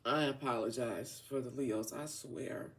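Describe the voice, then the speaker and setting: Gravelly slangy woman reading tarot, laughing. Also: extremely low pitch, measured pace. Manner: laughing fits, swearing, slangy banter. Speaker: tarot reader.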